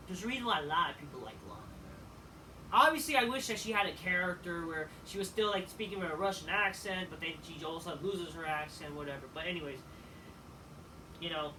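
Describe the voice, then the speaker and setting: Bright-voiced man ranting casually. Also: high voice. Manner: profane, rambling, with frequent fillers. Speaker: wrestling show reviewer. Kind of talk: casual review rant. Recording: distant mic with faint background noise.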